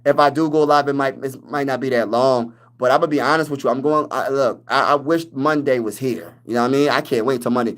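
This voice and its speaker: A man with a mid-range voice talks a little fast, with few pauses. Hosting a casual sports livestream, he's hyped and animated as he reads and responds to chat full of fan trash talk.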